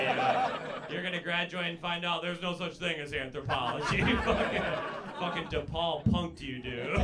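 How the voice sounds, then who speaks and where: A man performing a stand-up comedy set in a comedy club, deadpan and sardonic, teasing the audience. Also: fairly high pitch, heavy background noise. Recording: live club with loud crowd laughter. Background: audience laughter.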